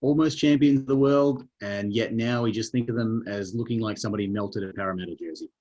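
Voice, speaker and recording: A man's voice: on the low side, fairly quick, darkish tone, dull audio. A man, co-hosting a sports podcast with dry, wry banter. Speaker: podcast co-host. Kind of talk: casual sports podcast chat.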